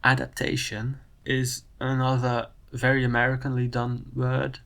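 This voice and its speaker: A young man with a Dutch accent talks through spelling rules in a careful, analytical way, sometimes correcting himself as he goes. His mid-range voice has a gravelly, creaky edge. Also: mid-range voice, completely flat delivery, measured pace, fairly bright tone. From Netherlands. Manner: analytical, methodical, self-correcting. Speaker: video creator. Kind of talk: explanatory commentary.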